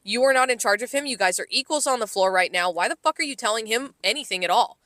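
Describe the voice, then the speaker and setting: A woman's voice: a little high, fast talker, no echo, studio quality. A woman co-hosting a podcast, telling a work story in casual chat and swearing freely. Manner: animated storytelling with frequent swearing. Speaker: podcast co-host.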